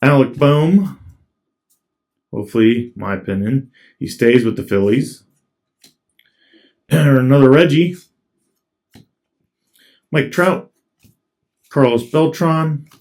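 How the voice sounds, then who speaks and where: A man's voice: medium pitch, takes it slowly, long pauses, darkish tone. A man casually commenting as he opens trading card packs, reading off each card in a laid-back way. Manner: laid-back, reads off cards as he goes. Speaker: card collector opening packs.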